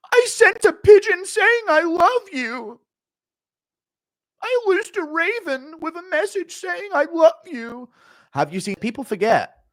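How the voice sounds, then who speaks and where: A man playing an indignant, theatrical male fighter defending himself at a trial, shrill and drawn out. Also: fairly bright tone, heavily acted.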